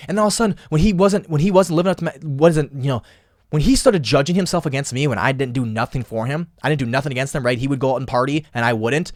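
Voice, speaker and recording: A man's voice: on the high side, animated, quick pace, no room sound. Young man, podcast host, impassioned, emphatic, dry close sound. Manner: impassioned, emphatic, repeats phrases. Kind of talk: casual motivational podcast monologue.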